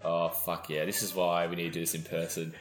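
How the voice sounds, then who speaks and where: A man's voice: low voice, completely flat delivery, a little fast, reverberant, faint music behind. A young Australian man co-hosting a podcast, teasing his mate in a jokey, sweary way. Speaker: podcast co-host. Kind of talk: casual chat.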